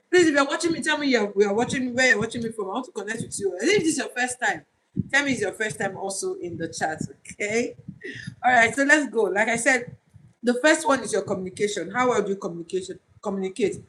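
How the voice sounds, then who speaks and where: Her voice on the high side and a bit bright, the Nigerian-accented tutor trainer talks casually to her livestream audience of aspiring online tutors. The recording is rough with a faint hiss, and she presses each point earnestly, saying things again to drive them home.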